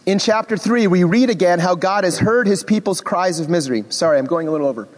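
Animated man teaching scripture in a hall. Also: high-pitched, quick pace. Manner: animated, expressive, self-deprecating asides. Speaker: Bible teacher. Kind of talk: Bible class teaching.

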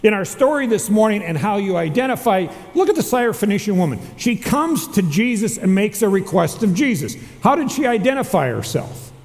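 A chaplain with a high, slightly mellow voice preaches a sermon, repeatedly posing questions to the congregation and answering them himself. A long hall reverb surrounds his voice.

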